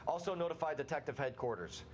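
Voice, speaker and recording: A man's voice: fairly high pitch, big pitch swings, quick pace, a crowd in the background. An actor playing a male police detective in a crime game, reporting a shooting in a clipped, businesslike way. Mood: urgent.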